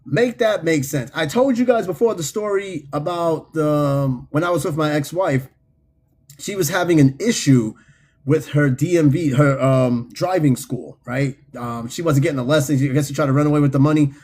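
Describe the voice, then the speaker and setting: A man with a New York City accent hosts a casual livestream, reading viewer comments aloud in an animated, profane way and laughing often. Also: fairly high pitch, moderate pace. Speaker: host.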